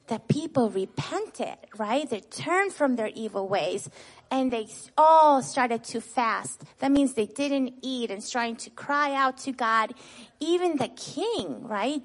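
With a somewhat high voice, a woman retells a Bible story for children in a vivid, expressive manner. Nearly every sentence gets a "right?" tacked on, and she quizzes the kids only to supply the answers herself.

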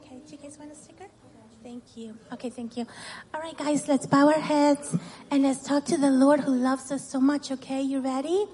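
A woman teaching children in church, telling a Bible story in a lively way and often checking in with "right?" and "guess what?". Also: sits high, moderate pace, a little hiss or hum, low-quality recording. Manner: animated, keeps asking "right?" and "guess what?".

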